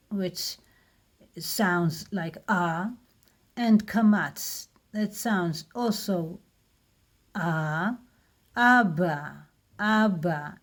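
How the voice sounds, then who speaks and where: Israeli lady teacher, talks real slow, repeats words over and over. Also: mid-range voice, a little mellow. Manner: patient, repeats words slowly. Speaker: Hebrew teacher. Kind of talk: slow spoken lesson.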